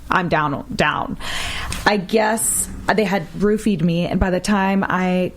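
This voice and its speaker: A woman's voice: lowish voice, slow pace, a little hiss or hum. A woman from Minnesota, a guest in an interview, telling her personal story in a candid, casual way with lots of "you know".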